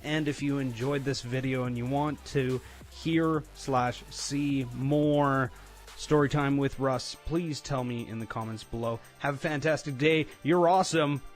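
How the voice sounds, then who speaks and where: A man's voice: mid-range voice, fairly even intonation, measured pace, soft background music. A young man from Canada telling a story to his viewers, rambling with lots of fillers and frequent laughter. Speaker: storytime vlogger. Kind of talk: casual storytelling.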